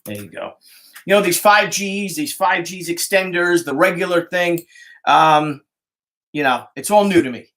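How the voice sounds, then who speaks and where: A man's voice: high-pitched, expressive, measured pace, a bit bright. A middle-aged man with a New York Italian-American accent, chatting casually on a livestream, rambling, swearing freely and greeting viewers by name. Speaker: comic artist hosting a livestream. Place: indoors, home studio with art supplies. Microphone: phone.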